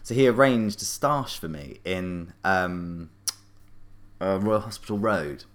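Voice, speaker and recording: A middle-aged man with a very deep voice tells a long anecdote as a guest. He rambles and restarts, scattering fillers as he goes. His delivery is casual and animated. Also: slow. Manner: rambling, animated, full of fillers and self-corrections. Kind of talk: casual storytelling.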